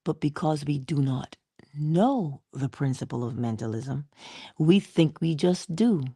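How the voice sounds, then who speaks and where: A middle-aged woman giving a motivational morning talk, speaking slowly and deliberately and answering her own rhetorical questions. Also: low-pitched, expressive, mellow, husky, no room sound, clean studio sound. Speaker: inspirational speaker.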